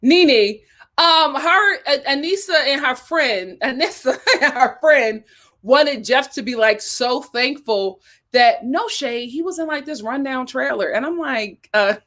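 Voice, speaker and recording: A young woman with a high voice hosts a casual live stream. She talks in a chatty, animated way, reads out viewer comments, thanks people by name and laughs often. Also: a little slow. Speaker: live-stream host reviewing a reality show.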